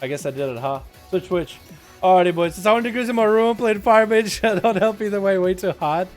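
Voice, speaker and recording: Excitable high-voiced American-accented streamer. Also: male voice, faint music behind. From Russia. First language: Russian. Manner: excitable, quick play-by-play calls, laughs often. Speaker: livestream host. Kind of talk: live game commentary and chat. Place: hot home room.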